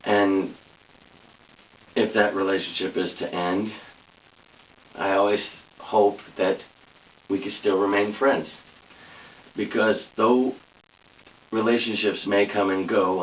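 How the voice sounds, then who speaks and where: Male vlogger, low-ish voice, sincere and meandering, tinny distant echoey recording. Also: level tone, unhurried, pauses often. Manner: earnest, rambling, repeats himself with restarts. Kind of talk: casual personal talk to camera.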